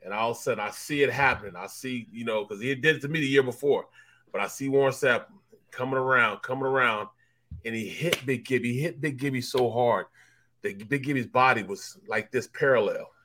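A former football player co-hosting a sports talk show, a man spinning animated locker-room stories. He laughs through his tales and repeats words for emphasis, in an ordinary middle-range voice. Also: mid-range voice, fairly quick. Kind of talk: casual storytelling chat.

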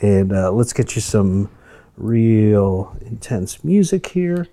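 A man's voice: lowish voice, very animated, slow pace, dark tone. A man hosting a comedy podcast, upbeat as he runs party games and scores the players. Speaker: host.

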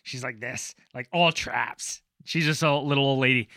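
A young man co-hosting a podcast who tells long, rambling stories in a casual, animated way and swears freely. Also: mid-range voice, moderate pace, vocal fry, dry recording, clean studio sound. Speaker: podcast co-host. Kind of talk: casual storytelling.

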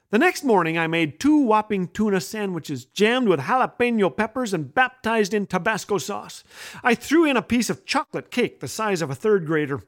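A man's voice: high voice, expressive, moderate pace. A man hosting a humor show, reading his own children's story aloud with a playful, jokey delivery. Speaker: host and storyteller.

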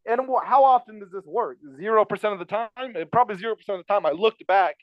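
A man's voice: high voice, fast talker, no echo, dull audio. A man telling a personal story in casual chat, rambling and repeating himself with lots of fillers. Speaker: podcast guest telling a story.

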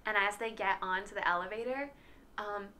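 A young woman co-hosting a podcast, telling an animated story in casual chat full of "like". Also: mid-range voice, brisk, slight background noise. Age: young adult. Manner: animated storyteller, heavy use of "like". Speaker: podcast co-host.

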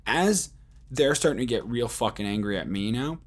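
A man's voice: mid-range voice, expressive, normal speed, slightly rough. A man hosting a podcast, telling a rambling story in casual talk, with heavy swearing and many fillers like "like" and "um". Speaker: podcast host.

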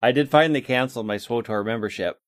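A man's voice: medium pitch, quick pace, no echo. A man co-hosting a casual podcast, joking in a wry, mock-offended way. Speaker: podcast co-host. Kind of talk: casual chat.

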